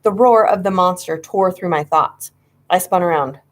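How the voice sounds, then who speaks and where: A woman's voice: on the low side, moderate pace. A woman narrating a children's horror story, reading with dramatic suspense. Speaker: audiobook reader.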